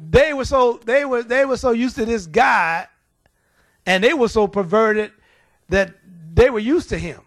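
Male preacher, high-pitched, folksy and animated, dry close sound. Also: unhurried, no echo. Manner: animated, colloquial storytelling with chuckles. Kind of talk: sermon.

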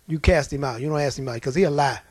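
A male preacher delivering an animated, colloquial sermon, telling stories with chuckles along the way. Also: medium pitch, quick pace, slightly rough, no room sound.

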